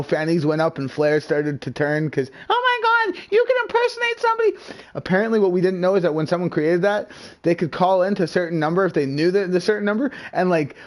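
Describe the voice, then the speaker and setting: A man with a notably high voice spins a rowdy anecdote in loose, casual chat. He swears freely and keeps slipping into the voices of the people he describes. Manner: animated, profane, acts out quoted voices. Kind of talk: casual storytelling while gaming.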